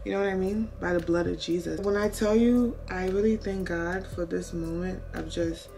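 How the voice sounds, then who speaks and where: A woman's voice: on the low side, steady tone, moderate pace, vocal fry, warm tone, faint music behind. A woman in her twenties chatting to camera while doing her makeup, earnest and full of "like", giving faith-based advice to her viewers. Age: 20s. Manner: chatty and earnest, heavy use of "like"; faith-filled, advising viewers. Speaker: beauty vlogger. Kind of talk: casual chat to camera. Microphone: camera mic while doing makeup.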